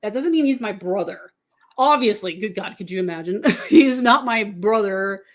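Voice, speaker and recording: A woman's voice: mid-range voice, expressive, normal speed. A woman from the Kansas City area chatting casually as a podcast guest, rambling and laughing often. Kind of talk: casual chat about football.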